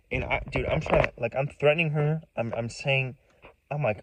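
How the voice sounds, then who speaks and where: Man vlogger, casual storytime, heated and swearing, lots of false starts, mid-pitched voice. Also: lively intonation, fairly quick, a bit bright, dry recording, poor audio. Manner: agitated, profane, rambling with many restarts.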